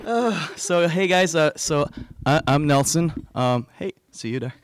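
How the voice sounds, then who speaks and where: A man's voice: on the high side, unhurried, dry recording, a faint crowd. French-accented man doing stand-up. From France. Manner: rambling, self-mocking, many fillers and restarts. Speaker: stand-up comedian. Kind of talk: stand-up comedy set.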